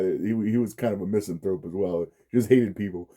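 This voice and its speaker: A man's voice: lowish voice, lively intonation, a little fast, hardly any pauses, warm tone. A man telling a frustrated, profane story in a casual rant, laughing often between lines. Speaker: vlogger.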